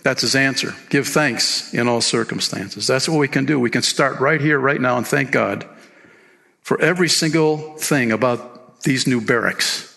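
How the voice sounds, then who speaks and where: Gravelly, bright-voiced man preaching in a hall. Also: mid-range voice, normal speed. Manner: animated, sings hymn lines and reads book passages aloud. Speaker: pastor. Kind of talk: sermon. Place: church sanctuary. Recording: long hall reverb.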